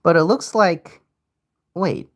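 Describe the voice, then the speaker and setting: A man's voice: sits high, takes it slowly. A young man giving casual, rambling livestream commentary, often interrupting himself. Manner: rambling, self-interrupting, animated. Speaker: streamer.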